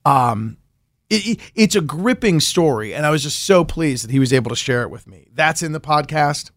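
A man's voice: fairly high pitch, expressive, normal speed, a bit bright, no echo, studio quality. A man who hosts a podcast, chatting as a guest on a radio show and telling a story with enthusiasm. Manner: enthusiastic storyteller, laughs often. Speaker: podcast host and reporter. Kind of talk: casual radio interview chat.

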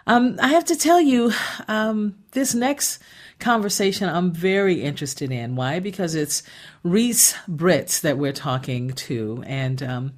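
A woman's voice: fairly low pitch, unhurried. A woman hosting a radio talk show, chatty and emphatic, often restarting her sentences. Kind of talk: casual radio chat. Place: radio studio.

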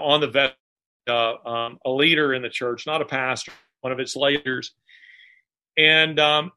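A man, an author being interviewed, talking in a halting way with many pauses and restarts. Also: fairly high pitch, sharp tone. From Alabama, US. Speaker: author guest. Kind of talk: casual interview conversation.

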